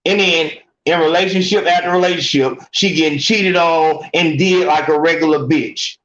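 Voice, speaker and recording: A man hosts a call-in podcast with a high voice, cursing freely and repeating himself as he talks. The room sounds echoey, and the recording is dull and muffled. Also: moderate pace. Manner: animated, profane, repeats and restarts often. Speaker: podcast host taking calls. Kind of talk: casual call-in advice talk.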